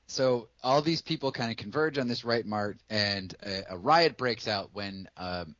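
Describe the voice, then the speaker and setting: A man's voice: lowish voice, a bit bright, dry recording, dull audio. A man from Massachusetts co-hosting a podcast, chatting about a movie in a profane, jokey way. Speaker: podcast co-host. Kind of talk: casual movie chat.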